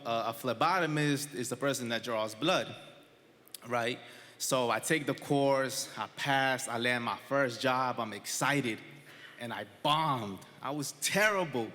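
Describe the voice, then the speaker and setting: A man in his twenties telling a true story live on stage to an audience, conversational and animated, laughing between lines. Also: medium pitch. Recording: live stage recording with long hall reverb.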